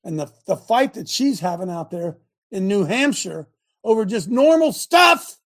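A man hosting an online talk as a coach, preaching loudly, repeating himself and shouting at times. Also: high-pitched, lively intonation, normal speed. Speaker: host and coach.

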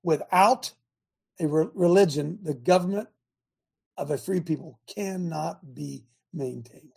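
Gravelly, husky man reading and ranting. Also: on the high side, a little slow. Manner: reads numbered principles, then rants and comments; grows angry and loud at times. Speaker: speaker addressing an audience. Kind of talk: impassioned political talk.

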